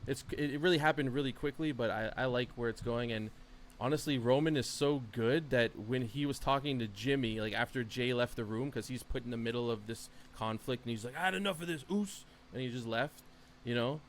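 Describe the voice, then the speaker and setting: A man co-hosting a podcast, talking in a loose, rambling way full of "like" and "um". His voice sits at an ordinary middle pitch. A faint hum of room noise runs under him. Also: fairly even intonation, fairly quick. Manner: rambling and enthusiastic, lots of fillers. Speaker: podcast co-host. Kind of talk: casual chat.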